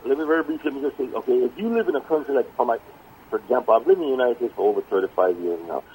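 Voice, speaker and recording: A man's voice: medium pitch, animated, a little mellow, a little hiss or hum. A man, a guest calling in to a radio show, cutting in eagerly to make his point. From Belize. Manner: quick, eager to interject. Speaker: guest by phone. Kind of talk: casual radio chat. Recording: phone line.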